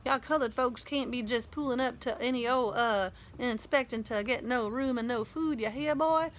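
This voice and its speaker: Woman doing a dad's high mocking drawl. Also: moderate pace, a little hiss or hum, natural voice. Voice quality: exaggerated drawl. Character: father mocking a Southern drawl.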